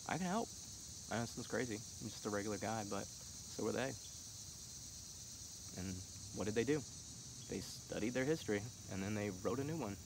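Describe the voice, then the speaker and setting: A man's voice: lowish voice, gravelly, noisy background. A man in his thirties giving an earnest casual monologue as a vlogger, at times getting heated as he urges his point. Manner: earnest, rising to heated urging.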